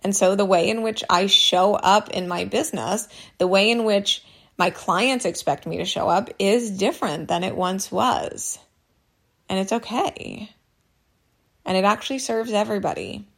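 A woman in her thirties hosting a solo business podcast, chatty and candid, her voice a little hoarse from allergies. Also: mid-range voice, normal speed, a bit bright. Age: 30s. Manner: candid, chatty, many likes and ums. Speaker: podcast host.

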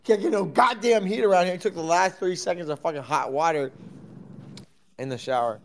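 A man's voice: high-pitched, a little fast, slight background noise. A young man hosting a live audio chat room, rambling casually, swearing constantly and teasing a sleeping friend. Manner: profane, teasing, laughing fits.

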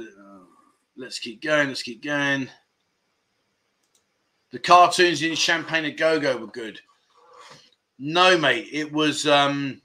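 Bright-voiced host in his fifties. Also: on the high side. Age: 50s. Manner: chatty and rambling, with lots of fillers and self-corrections. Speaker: livestream chat show host. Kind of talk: casual live chat reading viewer comments. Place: livestream set in Pattaya.

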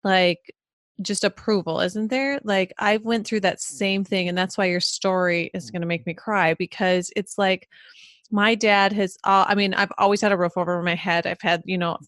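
A woman's voice: mid-range voice, steady tone, normal speed, fairly bright tone, dry recording, clean studio sound. A woman co-hosting a podcast, chatting in an effusive, emotional way full of "like" and "you know". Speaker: podcast co-host. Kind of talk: conversational podcast chat.

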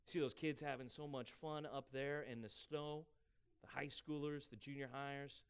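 A man preaching a sermon as pastor, emphatic and rising for scripture, dropping quiet for asides. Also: medium pitch, steady tone, measured pace, smooth. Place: church sanctuary.

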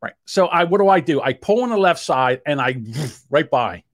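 A man's voice: fairly high pitch, moderate pace, dry recording, studio quality. A man co-hosting a casual podcast, telling rambling stories and acting out the people in them. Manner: animated, acts out voices in his stories. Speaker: podcast co-host. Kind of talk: casual chat, storytelling rants.

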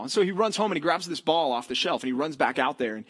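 A young adult male pastor preaching a sermon in a church, telling stories in an animated way and acting out the lines of the people in them. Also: a little high, fast talker, husky. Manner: animated storytelling, acts out characters' lines.

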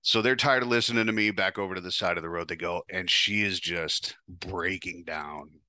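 A man's voice: low voice, moderate pace, pushed and bright, dry recording. A man hosting a podcast, telling a first-person story in a casual, profane, wry way. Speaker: podcast host.

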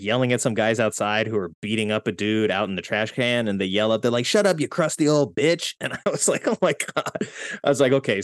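A man's voice: fairly low pitch, no echo, clean studio sound. A man chatting casually about a movie, retelling scenes with laughs and animation. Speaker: podcast guest.

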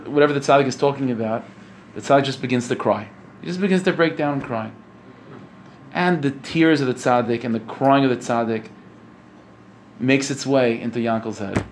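A man's voice: mid-range voice, background noise. A man, a religious speaker, giving a conversational storytelling sermon, often repeating phrases and checking in with his listeners. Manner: conversational, repeats phrases, asks "you know what I'm saying?".

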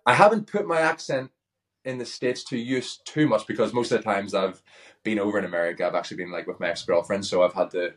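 A Northern Irish man chatting easily as an interview guest, relaxed and full of casual fillers. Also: fairly low pitch, fast talker. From Northern Ireland. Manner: easygoing, chatty, frequent "like" fillers. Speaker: guest, pro wrestler.

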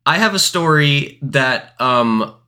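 A young man co-hosting a casual podcast, joking and laughing, then reading a scary story aloud slowly. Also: mid-range voice, lively intonation, pushed and bright. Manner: joking, laughs often, slow deliberate reading. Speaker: podcast co-host.

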